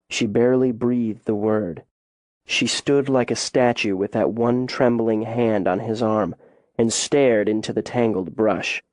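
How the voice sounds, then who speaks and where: A man narrating a suspense novel as an audiobook, in a measured, unhurried storytelling manner. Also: medium pitch, dry recording, studio quality.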